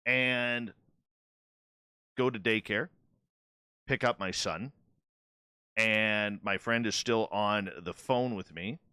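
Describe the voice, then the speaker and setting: A man hosting a radio panel show, telling a story in a casual, animated way and playing out both sides of a conversation. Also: on the low side, slow, pauses often, clean tone, no room sound, clean studio sound.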